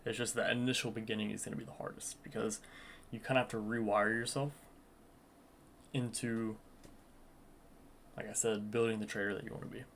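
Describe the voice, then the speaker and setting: A young man with a low, gravelly voice talks through his trading day like a vlog. He is earnest and self-coaching and often circles back to repeat his point. A faint hiss sits under the recording. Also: flat delivery, a little fast, pauses often, a bit bright. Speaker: day trader vlogger. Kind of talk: reflective vlog commentary.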